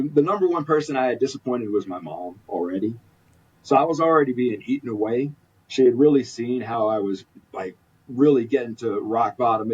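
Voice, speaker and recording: A man's voice: medium pitch, slightly rough. A man candidly recounting a personal story as a podcast guest, earnest and rambling with frequent restarts. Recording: distant mic, dull lo-fi sound.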